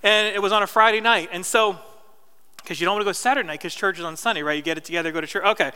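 A man's voice: sits high, very fast, bright, forceful tone, clear, resonant tone. A man in his thirties from New Jersey, preaching a sermon in casual, story-driven talk with asides to the congregation. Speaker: pastor. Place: church hall. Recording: reverberant church hall.

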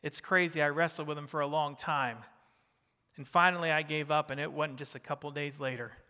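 A middle-aged man with a New Jersey accent preaching a sermon, swinging between emphatic rising bursts and soft, quiet drops. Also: on the high side, steady tone, a little fast, big-room sound. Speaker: pastor.

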